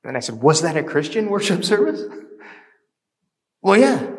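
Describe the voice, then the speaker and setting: A man preaching a sermon as pastor, shifting between quiet reflection and loud, passionate urging. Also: a little high. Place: church sanctuary. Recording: long reverb of a church hall.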